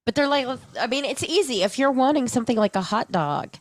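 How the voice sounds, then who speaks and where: A woman's voice: high voice, expressive, fairly quick, dry recording. A woman co-hosting a casual podcast, chatty, laughing easily and trailing off mid-thought. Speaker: podcast co-host.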